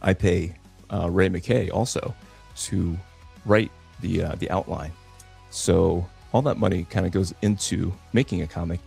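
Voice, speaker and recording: Deep gravelly guy rambling on his draw stream, kinda husky, dry close sound, faint music behind. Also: steady tone, measured pace, darkish tone. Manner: rambling, repeats words, many fillers. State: a little out of breath. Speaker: comic artist hosting a live draw stream. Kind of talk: casual livestream chat.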